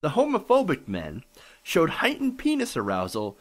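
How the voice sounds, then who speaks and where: A man's voice: on the high side, wildly swooping pitch, moderate pace. A man delivering an indignant, sarcastic commentary monologue, calling out bigotry and swearing freely. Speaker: political commentator.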